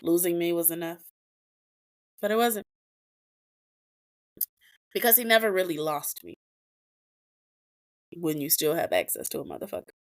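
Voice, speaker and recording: A woman's voice: on the low side, lively intonation, moderate pace, long pauses. A woman hosting a podcast, telling a personal story in a blunt, profane, emotional way with emphatic repetitions. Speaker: podcast host.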